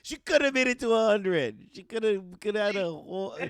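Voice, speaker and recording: A man telling a story in casual podcast chat, animated and swearing freely. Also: sits high, fairly quick, smooth, dry recording. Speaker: podcast co-host.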